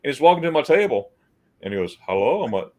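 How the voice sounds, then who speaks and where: A man's voice: medium pitch, big pitch swings, fast, a little mellow. A man hosting a livestream chat, telling a story in a loose, rambling way, often repeating words and acting out what people said. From United States. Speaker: host.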